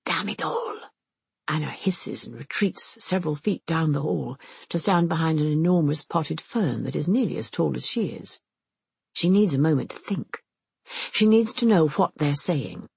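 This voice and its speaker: A narrator reading a novel aloud in a measured storytelling manner. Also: vocal fry, husky, dry recording. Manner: measured storytelling with expressive, shifting pitch. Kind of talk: audiobook narration of a historical mystery.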